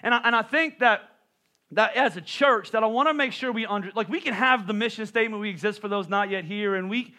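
A man's voice: high-pitched, brisk, pushed and bright. A man in his thirties preaching a sermon, telling a comic story with playful self-mocking asides. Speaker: pastor.

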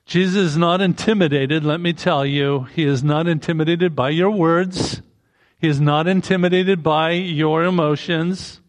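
A man's voice: on the high side, fairly even intonation, measured pace. A man preaching a sermon in a conversational way, breaking into emphatic rising bursts.

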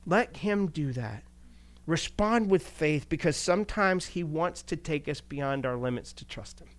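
Animated male pastor preaching conversationally. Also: on the high side, unhurried. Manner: animated, rhetorical questions, chuckles. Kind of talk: conversational sermon.

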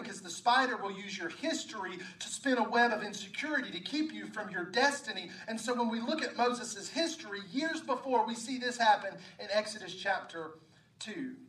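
A man preaching a sermon as pastor, animated and acting out scripture dialogue, with frequent repeated words, recorded from a distance in an echoey room. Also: high-pitched, moderate pace.

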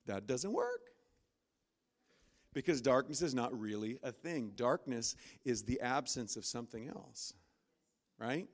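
A man preaching a sermon from a church stage, animated and acting out inner voices with sudden loud, high bursts. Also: a little slow, long pauses. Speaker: pastor.

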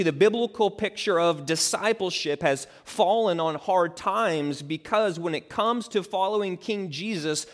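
A male pastor preaching a sermon, moving from a quiet prayer to emphatic, rising preaching. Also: fairly high pitch. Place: church. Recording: long reverb of a large hall.

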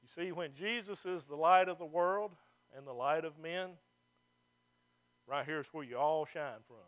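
Man, pastor, sermon, bright ringing voice, folksy. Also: on the high side, moderate pace. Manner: folksy, joking, fervent preaching. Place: church.

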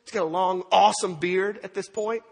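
A man preaching a sermon, telling a story with lively acted-out quotes and asides to the congregation. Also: high voice, a little fast, gravelly, big-room sound. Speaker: pastor.

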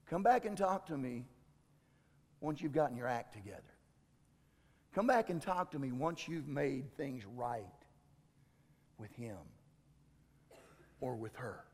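Stern rebuking God, played by a man, low and measured. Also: animated, a little mellow, in a large hall.

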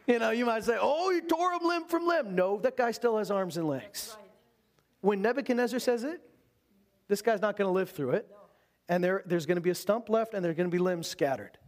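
A man preaching a sermon, reading scripture aloud and retelling it in a conversational, animated storytelling way. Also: high voice.

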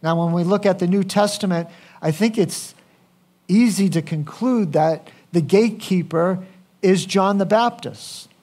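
This pastor's sermon has an easy, conversational feel, delivered in a voice pitched high for a man. He never hurries, taking his time and often turning to ask the congregation questions.

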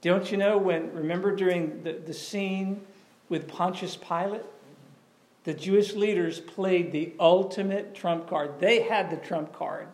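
A man preaching a sermon in a conversational, animated way, often asking questions of the audience. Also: high voice, measured pace. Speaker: pastor.

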